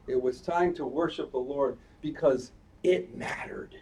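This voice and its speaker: Elderly cantor telling a playful sermon story. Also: male voice, mid-range voice, unhurried, darkish tone. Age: 80s. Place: synagogue sanctuary during a service. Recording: distant live-stream audio with faint background noise.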